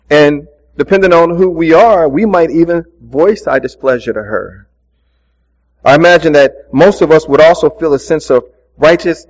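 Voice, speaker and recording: A man's voice: on the high side, big-room sound. Earnest male pastor, muffled recording. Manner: earnest storytelling preacher, conversational asides. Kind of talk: sermon.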